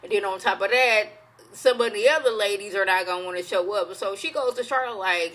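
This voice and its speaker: A woman giving a casual, slangy recap of a TV episode, telling the story with animated flair. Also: mid-range voice, fairly quick, low-quality recording. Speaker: TV show reviewer.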